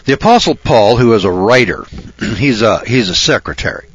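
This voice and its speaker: Low-voiced man preaching a folksy sermon. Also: expressive, normal speed, slightly rough. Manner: folksy, emphatic, repeats key phrases. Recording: dull, dry lo-fi recording.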